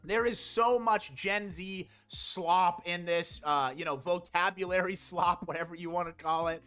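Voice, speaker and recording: A man's voice: high-pitched, measured pace, a bit bright, smooth, soft background music. A young man giving a casual, exasperated movie review, sarcastic and swearing often.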